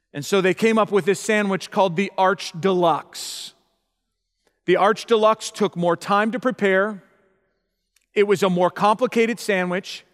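A middle-aged man preaching as a pastor, who often checks in with his listeners and repeats his points. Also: high-pitched. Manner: repeats himself, asks the audience "okay?". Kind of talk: sermon. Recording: long hall reverb.

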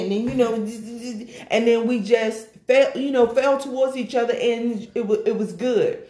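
A woman sharing a personal church testimony in an animated storytelling way, acting out the voices of the people in it. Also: a little high, normal speed, hardly any pauses. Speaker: guest. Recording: echoey room.

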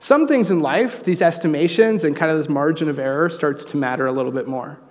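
A man preaching a sermon, conversational and joking, with animated asides. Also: on the high side, a little fast, big-room sound. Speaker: pastor. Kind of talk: sermon with humorous story.

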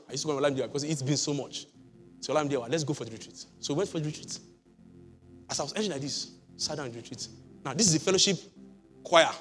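A middle-aged man, a pastor preaching a sermon, telling his own testimony with loud exclamations, quiet asides and frequent laughter. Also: on the high side.

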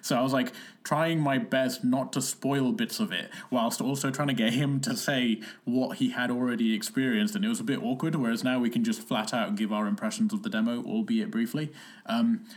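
A man's voice: medium pitch, fairly even intonation, a little fast. Rambling young man podcasting. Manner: rambling, laughs often, many fillers. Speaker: podcast co-host. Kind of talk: casual chat.

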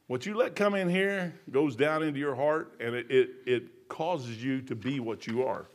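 A man's voice: mid-range voice, normal speed. A man, preaching a sermon in a folksy, storytelling way. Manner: folksy, storytelling, gets loud and animated telling jokes.

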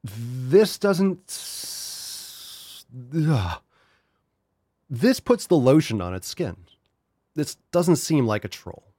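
A man's voice: medium pitch, very animated, extremely slow, long pauses, mellow, no echo, clean studio sound. A man hosting a podcast in casual, exasperated commentary. He swears freely and talks straight to his audience. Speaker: podcast host.

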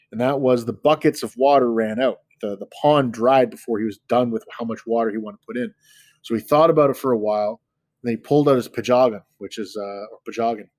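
Male podcast host in his thirties, casual storyteller with a chatty, joking manner; mid-pitched voice, dry close sound. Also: no room sound. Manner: relaxed, chatty, self-deprecating.

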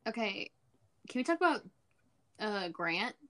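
A young woman in her twenties co-hosting a casual podcast chat, excitable and quick to exclaim. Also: medium pitch. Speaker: podcast co-host.

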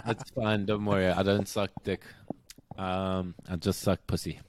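A man's voice: deep voice, flat delivery, measured pace, background noise. A young man from South Africa with a South African accent, co-hosting a casual podcast chat in a crude, joking way and laughing through his own lines. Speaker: podcast co-host.

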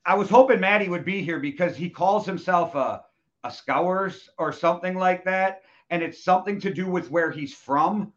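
Man, fairly high voice, casual podcast host, joking and cursing, dull lo-fi audio. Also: moderate pace. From United States. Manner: loose, joking, swears freely. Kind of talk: casual chat. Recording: dull lo-fi sound.

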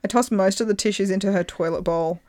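A woman at a middle pitch reads a story aloud to her co-host with amused delivery. She acts out quoted voices as she goes. The recording is close and dry. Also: quick pace, no echo. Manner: amused reading, breaking into laughs, animated voices for quotes. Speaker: podcast host reading a story. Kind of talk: reading a story aloud with commentary.

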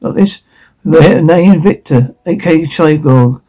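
A man doing comedic voice acting of several characters, swinging quickly between put-on voices with crude, profane humor. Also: a little high, mellow, low-quality recording.

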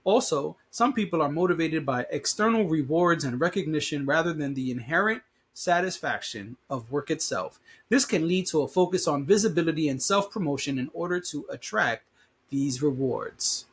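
Male podcast host, husky and congested from allergies, casual and emphatic, reads articles aloud with commentary. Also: a little high, expressive, moderate pace. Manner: conversational and emphatic, reads news aloud with asides.

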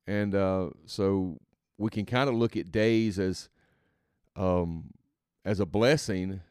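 A man with a low, resonant voice talks through his thoughts in a soft-spoken, meandering way, pausing and restarting as he goes. The sound is close and dry, with no room around it. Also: clear, resonant tone, no echo. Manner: rambling and halting, thinks aloud. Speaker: podcast host and father. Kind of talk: reflective faith podcast monologue.

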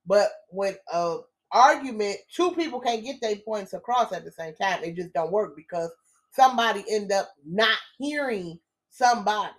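A woman's voice: medium pitch, lively intonation, moderate pace. A woman co-hosting a casual podcast with her husband, teasing him and giving relationship advice. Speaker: co-host. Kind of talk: casual couple's podcast chat.

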